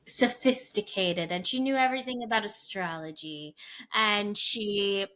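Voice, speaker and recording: A woman's voice: mid-range voice, a little slow, fairly bright tone. A woman co-hosting a podcast in casual chat, chatty and full of fillers. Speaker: podcast co-host.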